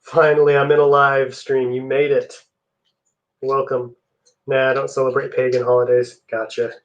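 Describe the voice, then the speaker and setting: A man's voice: mid-range voice, moderate pace, muffled recording. Laid-back young man chatting on a live stream. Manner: relaxed, chatty, answers chat messages. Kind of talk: casual live-stream chat while building.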